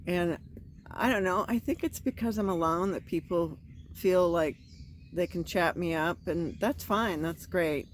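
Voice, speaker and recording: A woman's voice: fairly low pitch, unhurried, slight background noise. A woman vlogging from inside a screen tent at a campground, telling her story in a chatty, self-encouraging way. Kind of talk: casual chat.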